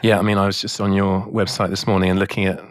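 A man hosting a podcast interview in a casual way, halting and restarting as he asks questions. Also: deep voice, flat delivery, clean tone, dry recording, studio quality. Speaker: podcast host.

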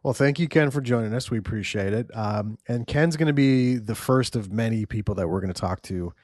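Male podcast host, deep-ish, casual and profane, dry mic. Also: a little fast, darkish tone, no echo. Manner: loose and profane, laughs often.

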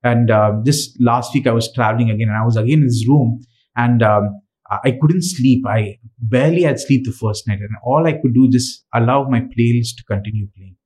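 A man's voice: medium pitch, moderate pace, darkish tone, low-quality recording. A man from Dubai preaching a sermon and reading scripture aloud, earnest, with frequent fillers and restarts.

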